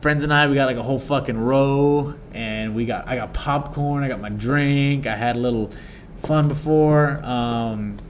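A young man co-hosting a casual podcast, brash and joking with a loose mouth. His voice sits at an ordinary middle pitch, with a faint hiss of noise behind it. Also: moderate pace. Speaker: podcast co-host.

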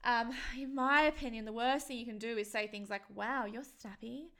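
A woman's voice: fairly high pitch, fairly quick, sharp tone, smooth. A young woman, frankly telling a personal story in casual vlog talk, swearing freely and filling with "like" and "um". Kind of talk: candid personal storytelling to camera.

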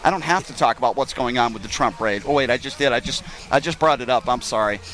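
A man's voice: medium pitch, fast talker, a bit bright. A man hosting a live talk show from an outdoor pool, chatty and joking as he rambles on. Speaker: radio show host. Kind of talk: casual live broadcast chat. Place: outdoor pool at a Las Vegas club.

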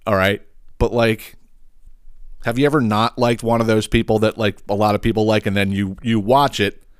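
A man's voice: lowish voice, steady tone, normal speed, clear, resonant tone, dry recording, studio quality. A man hosting a podcast, ranting in a blunt, profane, exasperated way. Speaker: podcast host. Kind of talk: casual ranting commentary.

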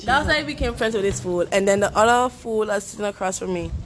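A woman's voice: mid-range voice, fast talker. Young woman telling a story over noise. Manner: animated, acts out quoted voices. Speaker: podcast guest. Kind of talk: casual storytelling chat. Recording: noisy recording with clicks.

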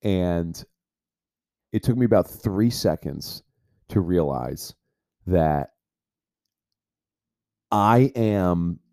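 A man's voice: sits low, animated, very slow, pauses often, warm tone, dry recording. A man hosting a podcast, telling a personal story in a rambling way, full of filler "like". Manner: rambling, heavy use of filler "like". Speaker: podcast host.

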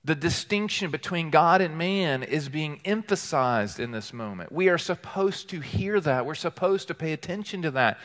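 A man preaching a sermon as teaching pastor, earnest and deliberate, building emphasis through repeated phrases and reading scripture aloud slowly. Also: on the high side, expressive, a bit bright. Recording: long hall reverb.

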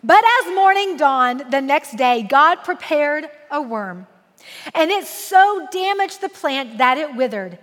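A woman in her forties preaching a sermon, lively and joking, slowing down to read scripture aloud solemnly. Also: high voice, in a large hall. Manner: animated and humorous, slow solemn scripture reading. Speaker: women's ministry speaker.

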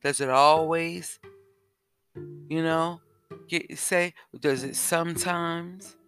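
A man hosting a self-help podcast, talking slowly and repeating questions to the listener. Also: on the high side, steady tone, fairly bright tone, faint music behind. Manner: slow, repetitive, asks the listener questions. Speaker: podcast host. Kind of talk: reflective self-help talk.

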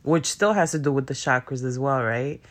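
A young man speaking in a loose, rambling way, packed with slang and fillers and the odd curse. He talks straight to his viewers about feelings and spiritual strength, in an easy, conversational flow at an ordinary middle pitch. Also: normal speed. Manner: speaks in slang with dropped verbs. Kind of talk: casual spiritual self-help talk to viewers.

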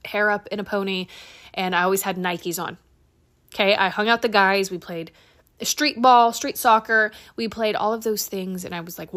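A young woman hosting her own podcast, talking in a candid, animated way, swearing freely and laughing at herself as she tells a personal story. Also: mid-range voice. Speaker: podcast host. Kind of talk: casual solo podcast monologue.

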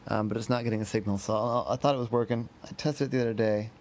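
A man's voice: fairly low pitch, steady tone, fast talker, a little mellow, slight background noise, natural voice. A man voicing a flustered woman engineer and mother, rambling and fretful, in close to his own voice. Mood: chatty.

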